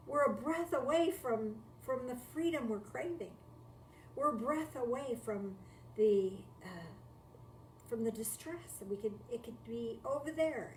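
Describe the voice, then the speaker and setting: Her voice sits on the high side and carries a slight mellowness. She's a spiritual teacher giving a reflective, conversational talk streamed live from home, returning to key phrases and asking rhetorical questions. Captured on a distant mic in an echoey room, the audio has faint noise.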